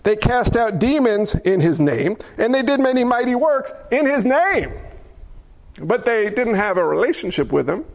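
A man's voice: sits high, sing-song, normal speed, vocal fry. A man preaching a sermon, emphatic, asking rhetorical questions and acting out the people he quotes. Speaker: pastor.

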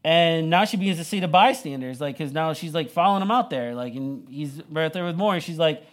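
Young guy pastor, sermon but super casual, lots of "like", voice on the higher side. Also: lively intonation, brisk. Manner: casual, conversational retelling with many "like"s.

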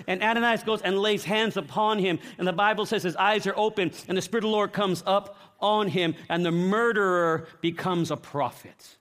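A middle-aged man preaching a sermon, telling stories dramatically, acting out voices and shouting at the peaks. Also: sits high, fairly quick, few pauses. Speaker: pastor.

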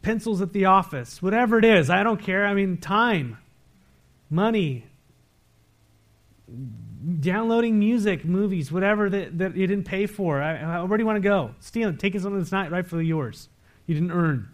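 A pastor preaching a sermon, reading scripture verses aloud and pressing the congregation with direct questions. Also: male voice, normal speed. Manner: swings between emphatic, louder lines and low, quiet asides.

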